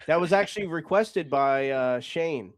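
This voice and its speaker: A man's voice: on the high side, animated, unhurried, no echo, studio quality. A man hosting a casual comedy podcast, laid-back, laughing often and swearing freely. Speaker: podcast host.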